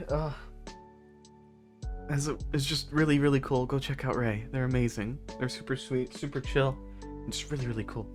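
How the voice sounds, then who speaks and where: Giggly woman streamer, low voice. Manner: giggly, bursts into laughter while storytelling; gushing shout-outs to viewers. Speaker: livestreamer. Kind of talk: casual stream chat.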